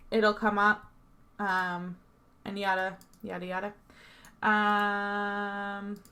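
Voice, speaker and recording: A woman's voice: mid-range voice, pushed and bright, clear, resonant tone. A tired woman talking through a gaming tutorial in a chatty, rambling way, swearing and laughing freely as she goes. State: tired, yawning. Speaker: game mod tutorial creator. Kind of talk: casual screen-recorded gaming tutorial.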